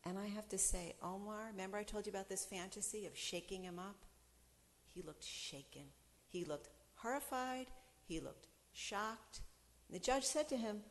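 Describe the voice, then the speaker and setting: A middle-aged woman from the United States giving a storytelling talk, animated and acting out the people she quotes. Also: mid-range voice, moderate pace, big-room sound. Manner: animated storyteller who acts out quoted voices. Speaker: speaker.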